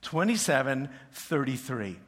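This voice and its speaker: Animated, bright-voiced male pastor. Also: medium pitch, a little slow. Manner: animated storytelling, humorous asides. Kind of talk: sermon. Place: church.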